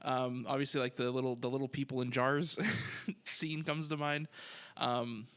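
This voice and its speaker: A man's voice: mid-range voice, flat delivery, moderate pace, a bit bright, clean tone. A man chatting casually as a podcast guest, hesitant and full of fillers. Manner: hesitant, filler-heavy, laughing. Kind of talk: casual chat.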